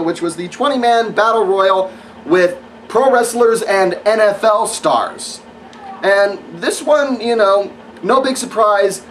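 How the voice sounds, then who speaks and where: A man talks through a wrestling review in a loose, rambling way, with sarcastic asides and lots of fillers. His voice sits a little high. He is a bit off the mic, with faint noise behind him. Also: distant mic, low-quality recording. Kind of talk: casual spoken review.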